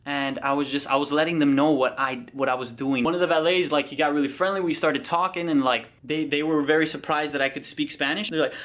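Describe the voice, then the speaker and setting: A young adult man, an actor and vlogger, telling a story in an excited, chatty way, full of fillers and casual swearing. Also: a little high, fast talker, few pauses.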